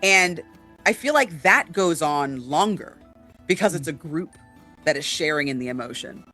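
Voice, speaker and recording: A woman's voice: low voice, lively intonation, normal speed, pushed and bright, soft background music. A woman co-hosting a casual chat about tabletop games, with lots of fillers, often checking in with "right?". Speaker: podcast co-host.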